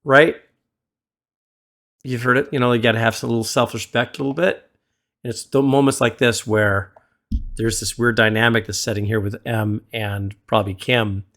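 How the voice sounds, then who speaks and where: A man hosting a music reaction video, gently advising the viewer like a mentor into a desktop studio mic. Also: on the low side, level tone, fairly quick. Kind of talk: casual reaction commentary. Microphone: desktop USB studio microphone.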